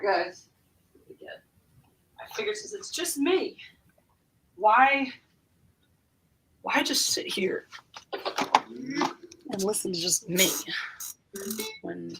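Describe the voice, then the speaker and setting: A woman's voice: mid-range voice, very animated, slow pace, pauses often, heavy background noise. A woman hosting a casual livestream, chatting to viewers, greeting them by name and dropping into whispered asides. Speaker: livestream host.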